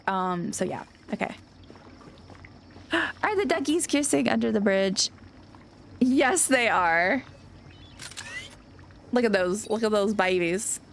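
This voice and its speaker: Gushing, excitable woman game streamer. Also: on the high side, slight background noise. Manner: gushing, excitable, rambling with restarts. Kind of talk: casual live-stream chat.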